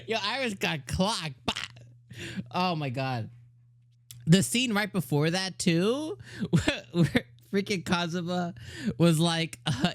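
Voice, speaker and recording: Laughing, excitable anime reviewer. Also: medium pitch, takes it slowly, pauses often, dry recording, studio quality. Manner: excitable, laughs often, heavy slang. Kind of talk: casual video review.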